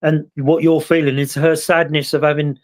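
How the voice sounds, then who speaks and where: A British man hosting a casual talk show, his voice sitting a little high. He tells long stories in a rambling, reflective way, often stopping to question himself. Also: little pitch movement, normal speed. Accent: British English. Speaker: host. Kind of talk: casual chat.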